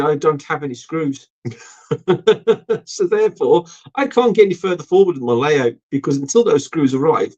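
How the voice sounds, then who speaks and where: A man's voice: a little high, a little mellow. A middle-aged man hosting a casual live stream, rambling and swearing with lots of ums. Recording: dull lo-fi stream audio.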